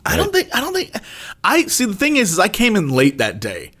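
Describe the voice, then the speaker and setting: Guy telling a funny story, voice bouncing all over, pitch shoots way up on quotes. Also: a little fast. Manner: animated storyteller, jumps up high when quoting himself. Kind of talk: casual chat, storytelling.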